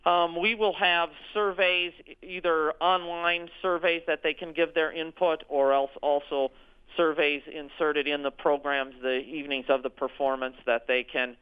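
An orchestra executive director answering radio interview questions, hesitant, with frequent ums and restarts. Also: male voice, on the high side, level tone, normal speed, smooth. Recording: tinny phone line.

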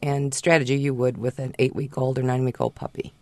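A woman's voice: a bass voice, fairly even intonation, quick pace, dark tone, no echo. A woman who trains dogs, reassuring a caller and chatting about her own dogs on a radio call-in show in the studio. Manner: reassuring, chatty, personal anecdotes. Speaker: dog trainer, studio guest.

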